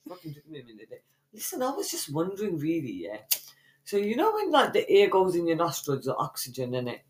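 Brash young woman, podcast co-host, swears nonstop, slangy, very animated delivery. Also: fairly low pitch, quick pace, slight background noise. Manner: brash, swears constantly, playful insults; slangy street talk. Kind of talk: casual banter.

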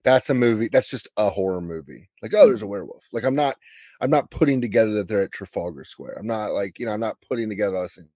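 A man's voice: fairly low pitch, fast talker, darkish tone, no echo, dull audio. An American man co-hosting a casual film podcast, rambling through his thoughts with many fillers and restarts. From United States. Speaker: podcast co-host.

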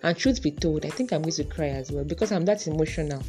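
A woman's voice: low-pitched, fast talker, mellow, soft background music. A woman with a Nigerian accent hosting a casual podcast monologue, chatty and musing aloud, dropping in Yoruba and pidgin words. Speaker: podcast host.

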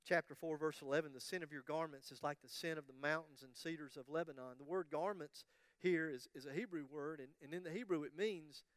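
Male pastor, higher voice, smooth and close-miked, lively storytelling sermon with jokes. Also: fairly quick, no echo. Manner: animated storytelling, acts out quoted voices, humorous asides.

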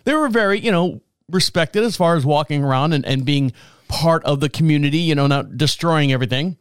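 Male host with a fairly high, smooth voice, telling a wry, rambling comic story. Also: a little fast, no room sound, clean studio sound. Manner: rambling, wry, chuckling asides. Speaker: podcast host. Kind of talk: casual comic storytelling monologue.

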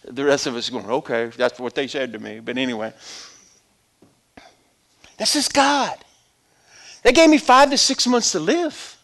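A middle-aged man preaching a personal testimony as a sermon, conversational, swinging from loud exhortation to hushed storytelling. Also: high voice, very animated, normal speed.

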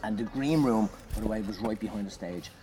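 A man, a comedian, telling an animated anecdote in conversation, swearing and shouting out the lines he acts. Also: on the low side, brisk. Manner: animated, swearing, loud acted-out bursts. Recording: noisy background.

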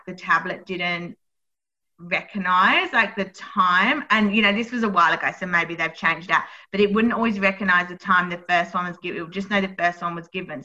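Bright sharp-voiced woman, midwife chatting about work, animated storyteller, kinda dull lo-fi audio. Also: fairly low pitch. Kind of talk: casual chat.

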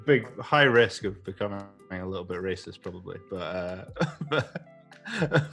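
A man's voice: low voice, expressive, unhurried, creaky, a bit bright, faint music behind. A man co-hosting a podcast in casual chat, teasing and laughing often. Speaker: podcast co-host.

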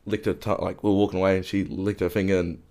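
A man's voice: low voice, little pitch movement, rapid-fire, darkish tone. Rambling, foul-mouthed young man. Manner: swears constantly, rambling anecdotes. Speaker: podcast co-host. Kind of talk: casual chat.

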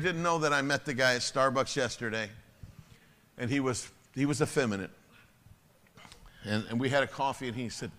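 A man preaching a sermon as a pastor, telling stories in an animated way and swinging from loud to hushed. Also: mid-range voice, moderate pace, long pauses.

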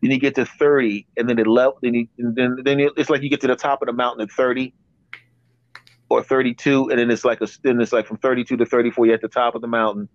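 A fifty-something podcast host tells wandering stories full of restarts in a flat, mid-range voice, speaking fast. The recording is dry, with the high frequencies cut off.

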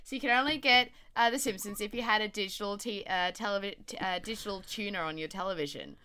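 A woman from Tasmania, co-hosting a podcast, excitable and swearing, laughing often. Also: mid-range voice, quick pace. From Tasmania, Australia. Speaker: podcast co-host. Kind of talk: casual podcast banter.

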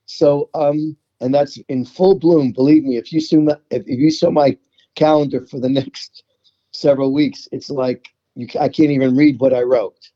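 A man's voice: mid-range voice, steady tone, normal speed, dark tone, highs cut off. A middle-aged to older man with a New York accent, telling stories from his life in a chatty interview, often repeating words as he starts a thought. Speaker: songwriter guest. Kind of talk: interview conversation.

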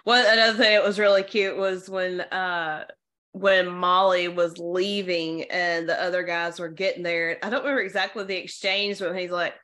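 A young woman co-hosting a podcast, chatting casually, hesitant with many pauses and laughs. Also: fairly low pitch, fairly even intonation, a bit bright. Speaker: podcast co-host. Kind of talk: casual chat.

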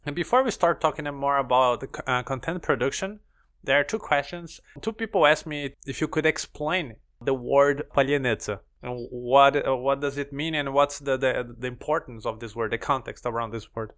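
A man hosting a podcast, asking clear, measured interview questions. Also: mid-range voice, fairly bright tone. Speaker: podcast host.

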